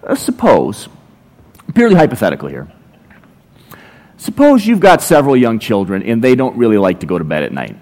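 Guy preaching a sermon, lively up and down voice, sarcastic storytelling, chatty. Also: lowish voice, fairly quick, pauses often. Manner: conversational, ironic storytelling with playful sarcasm. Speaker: pastor.

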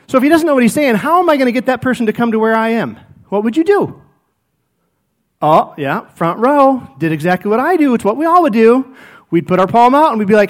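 A man's voice: high-pitched, quick pace. A middle-aged male pastor preaching a sermon, telling personal stories and acting out what people said. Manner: animated storytelling, acts out quoted speech.

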